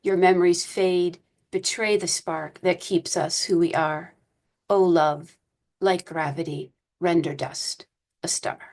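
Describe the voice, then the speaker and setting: A woman reading her own poems aloud at a poetry reading, in a slow, measured way. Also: fairly low pitch, fairly even intonation, a little mellow. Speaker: poet reading.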